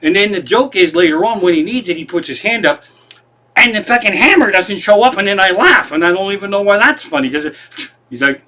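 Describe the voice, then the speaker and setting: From his living room, a male comedian host delivers a meandering, profane, self-deprecating monologue. He speaks fairly quickly in a high-pitched, bright, forceful voice with lively intonation.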